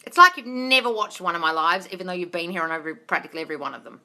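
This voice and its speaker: Racing along with lively intonation, she has a sharp voice on the low side. She's a manifestation coach in a livestream Q&A chat on her phone, reading viewers' comments and replying bluntly, cursing freely and calling them darling.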